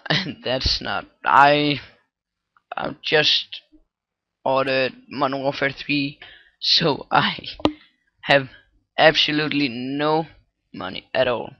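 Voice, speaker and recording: A man thinking aloud through a casual coding tutorial, halting with many fillers and restarts, on a low-quality microphone. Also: no room sound, muffled recording. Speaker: scripting tutorial maker. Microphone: cheap computer microphone.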